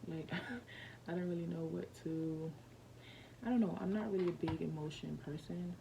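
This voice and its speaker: A woman vlogger tells a personal story in a loose, rambling way, full of fillers and restarts. Her voice sits low and has a gravelly edge. Steady noise hums clearly behind her. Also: moderate pace, low-quality recording. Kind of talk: casual storytelling.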